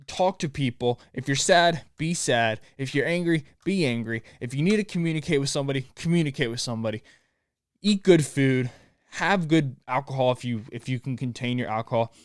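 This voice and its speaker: Recording his solo podcast at home, with a dog barking nearby, this young host speaks a little fast at a medium pitch. He launches into a pumped-up, profanity-laced motivational rant. The audio is clean studio sound without echo.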